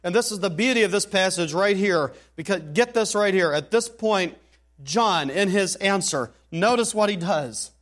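A man's voice: sits high, normal speed, fairly bright tone. A man preaching an expository sermon, reading scripture aloud and building to emphatic, rising declarations.

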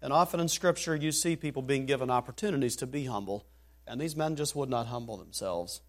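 A man's voice: medium pitch, a little fast. A man preaching an expository sermon, reading scripture aloud and building to emphatic, rising declarations.

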